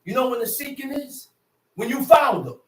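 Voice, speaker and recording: A high-pitched man preaching a fiery sermon, swinging from shouted bursts into slow, careful definitions. His casual street speech keeps breaking through. He sounds far from the mic in an echoey worship hall.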